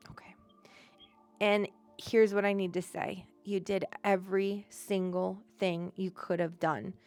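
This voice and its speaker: Brief: young woman, live psychic reader, choked up, rambling and gentle, smooth voice, faint music behind. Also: medium pitch. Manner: gentle, emotional, rambling with many fillers. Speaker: psychic medium. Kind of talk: live-streamed reading.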